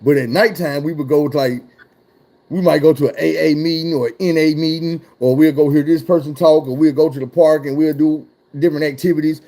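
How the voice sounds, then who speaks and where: A man telling a profane, animated personal story in casual talk. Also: on the high side, a little fast. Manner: profane, animated, acts out voices.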